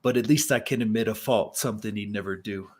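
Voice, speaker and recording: A man's voice: on the low side, fast talker, darkish tone. A young man, a musician and guest, reflecting in a casual talk about faith and laughing easily.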